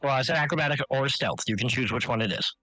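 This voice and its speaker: A man's voice: medium pitch, quick pace, no room sound, poor audio. A man running a tabletop game, narrating casually with many fillers. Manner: relaxed, filler-heavy, improvising. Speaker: game master.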